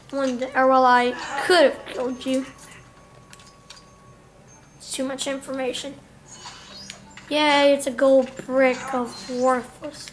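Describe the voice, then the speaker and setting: A woman's voice: high-pitched, flat delivery, takes it slowly, pauses often, slight background noise. A woman giving casual, playful let's play commentary on a video game, chatting and muttering to herself.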